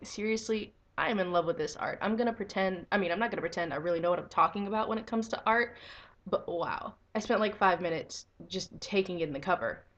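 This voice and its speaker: A young woman giving a casual video review of a comic book, excitable and swearing freely, breaking into enthusiastic squeals. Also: medium pitch.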